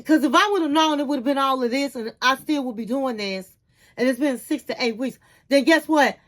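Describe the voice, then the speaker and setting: A woman's voice: high voice, moderate pace, a bit bright. A woman voicing a fed-up husband who lectures his wife in an exasperated way while she recaps a TV episode.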